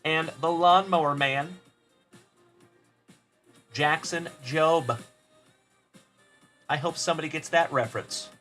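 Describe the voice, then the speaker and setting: A man's voice: on the high side, slow pace, long pauses, a bit bright, faint music behind. A man hosting a card-opening livestream, upbeat and friendly, greeting viewers by name as he goes. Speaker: host of a trading card break livestream. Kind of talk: livestream chat shout-outs.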